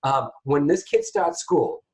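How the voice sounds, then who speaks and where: A man hosting a call-in psychic reading show, chatty and animated, often turning to address his listeners. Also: medium pitch, slow pace, low-quality recording. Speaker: psychic medium host.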